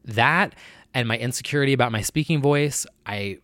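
A man's voice: mid-range voice, normal speed, a bit bright, no echo, studio quality. A man talking candidly to his viewers in a personal vlog, with a nasal voice and an earnest, rambling way of talking that keeps correcting itself. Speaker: vlogger.

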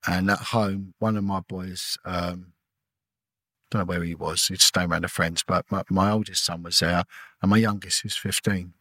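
A middle-aged man, a former detective, telling an emotional personal story in a halting way, repeating words and acting out what people said. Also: sits low, steady tone, sharp tone, no echo. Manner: halting, repeats words, acts out quoted dialogue. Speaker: podcast guest, former police detective.

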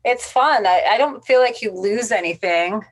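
A woman's voice: on the high side, moderate pace. Blunt, straight-talking woman. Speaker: casting director. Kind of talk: casual interview.

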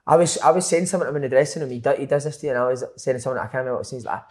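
A Scottish man hosting a podcast, chatting in excitable, sweary banter and laughing often. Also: medium pitch, racing. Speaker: podcast host. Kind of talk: casual banter.

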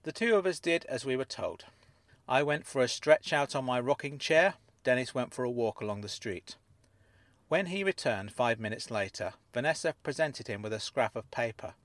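A man narrating a first-person story with an expressive reading. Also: medium pitch, normal speed, no room sound. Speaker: audiobook narrator.

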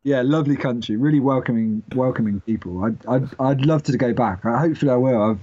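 A man's voice: mid-range voice, fast talker, dark tone. A young man, talking casually as a podcast guest in a rambling, self-deprecating way. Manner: rambling and self-deprecating, with many restarts and laughs. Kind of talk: casual interview chat. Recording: dull lo-fi podcast audio.

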